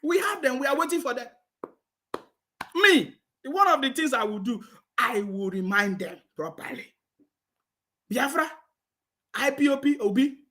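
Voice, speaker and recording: With a high, animated, pushed and bright voice, a Nigerian-accented political commentator talks a little slowly and pauses often. He mocks his targets with frequent laughter, repeatedly tossing in "you understand me."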